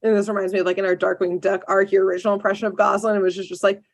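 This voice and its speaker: Speaking rapid-fire at a medium pitch, this woman hosts a podcast where she loosely retells a cartoon episode. She voices the characters with lively energy and fills her speech with plenty of "like."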